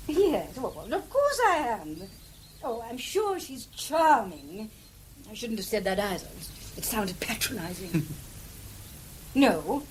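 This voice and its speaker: A woman's voice: a little high, a little mellow, a little hiss or hum. An actress playing a flustered aristocratic English lady in a 1950s radio play, fluttery and exclamatory.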